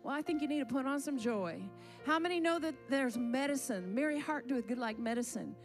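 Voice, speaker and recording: A woman's voice: high-pitched, animated, a little fast, faint music behind. A woman worship leader fervently exhorting a church congregation, rallying them to laugh along with her. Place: church sanctuary.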